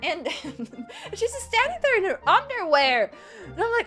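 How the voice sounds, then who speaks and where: A woman's voice: very high-pitched, very animated, fairly quick, a bit bright, faint music behind. A woman live streamer chatting casually with her viewers and telling a rambling story, laughing often.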